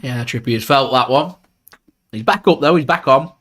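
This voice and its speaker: A man's voice: medium pitch, moderate pace, fairly bright tone. A man hosts a home livestream of a football match, talking in a loose, chatty way. He reacts to the action as it unfolds and drifts between the play and side remarks. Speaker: football fan channel host. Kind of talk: live match watchalong commentary.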